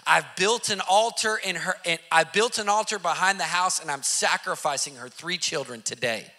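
A man's voice: high voice, moderate pace, sharp tone, exaggerated voice. A man voicing a stubborn male demon in a story, declaring he will not leave. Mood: defiant. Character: defiant male demon possessing a woman.

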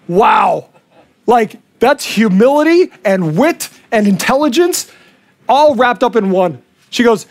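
A male pastor delivers a sermon in a high, lively voice. He is animated and switches into quoted voices as he goes. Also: normal speed.

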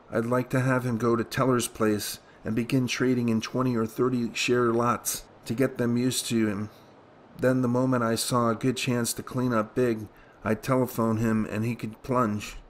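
A man reading a first-person story aloud as an audiobook, in a steady, measured way. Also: medium pitch, slight background noise. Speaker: audiobook reader.

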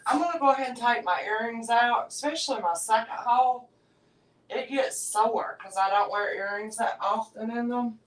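A woman's voice: on the high side, normal speed, rough recording. Woman, 50s, live-stream seller, chatty and sincere, talks right to the viewers.

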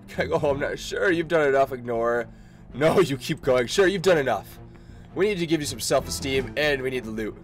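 A man giving casual let's-play commentary, excitable, laughing often and reading game text aloud. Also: medium pitch. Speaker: gaming video creator.

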